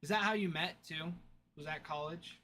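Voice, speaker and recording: A man's voice: on the high side, moderate pace, bright, forceful tone, a little hiss or hum. Chatty young man hosting a livestream. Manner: chatty storyteller, laughs often, thanks viewers. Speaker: card break livestream host. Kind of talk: casual livestream chat.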